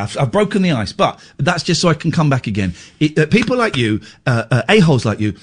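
A male English radio host in lively banter, ranting in mock outrage and stumbling over restarts. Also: mid-range voice, a little fast, few pauses.

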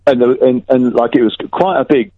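A man's voice: mid-range voice, fairly even intonation, a little fast, dry recording. Male phone-in caller, rambling chatty storyteller, tinny phone sound, dry.

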